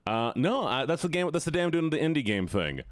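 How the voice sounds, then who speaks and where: A man's voice: on the high side, sing-song, brisk, no room sound, clean studio sound. A man streaming games who chats playfully and goofily with his viewers. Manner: playful, goofy, talks to chat. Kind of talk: casual live-stream chat.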